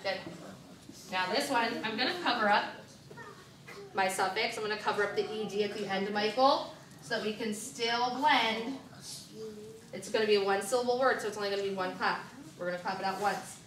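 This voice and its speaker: A woman teaching first graders to blend words, with clear, directive prompts and counting down. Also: mid-range voice, brisk, pauses often, a bit bright. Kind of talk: classroom reading lesson. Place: classroom. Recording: echoey classroom from far off, children around.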